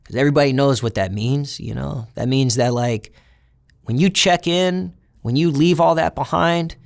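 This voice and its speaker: A young man talks through a hard memory in an easygoing, unhurried way, slipping into the voices of the people he remembers. His voice sits at an ordinary middle pitch, neither deep nor high. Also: creaky. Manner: casual, reflective retelling with acted quotes of other inmates. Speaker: interview guest. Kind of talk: storytelling in an interview.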